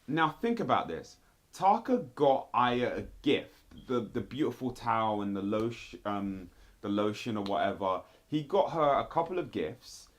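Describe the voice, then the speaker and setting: A man giving blunt, animated commentary on a TV show, with sudden jumps in pitch as he talks straight at the people he reviews. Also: a little slow. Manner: blunt, addresses people directly. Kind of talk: casual commentary video.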